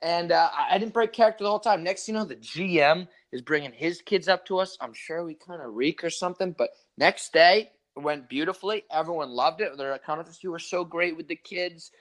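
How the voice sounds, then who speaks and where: A man's voice: a little high, brisk, hardly any pauses. A young man co-hosting a podcast, telling a long story in a rambling, profane, laid-back way and acting out the quotes. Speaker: podcast co-host. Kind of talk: casual storytelling chat.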